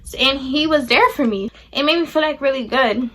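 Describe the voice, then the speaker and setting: A woman's voice: high-pitched, a little fast, a bit bright. A young adult woman telling a personal story to her viewers, blunt and profane, acting out the people she quotes. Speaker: vlogger. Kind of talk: storytime chat to camera.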